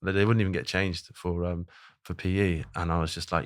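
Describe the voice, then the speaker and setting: A man's voice: sits low, fairly even intonation, brisk, clean tone. A man researcher speaking hesitantly on a webinar panel, with many fillers and restarts.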